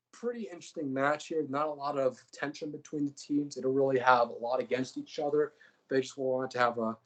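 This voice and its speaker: A man's voice: medium pitch, poor audio. Rambling young man recapping wrestling. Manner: rambling, joking, heavy fillers. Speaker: podcast co-host. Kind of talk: casual fantasy booking recap.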